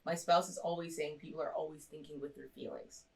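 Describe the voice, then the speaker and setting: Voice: mid-range voice, steady tone, fairly quick, vocal fry, a little mellow. A co-host chatting casually, agreeing and reading out viewer comments. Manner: agreeable backchanneling. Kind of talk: casual chat.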